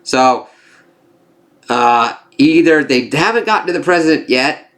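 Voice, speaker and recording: A man's voice: on the high side, animated, unhurried, a bit bright. A man casually reviewing a TV episode, rambling and swearing, with lots of fillers and acted-out quotes.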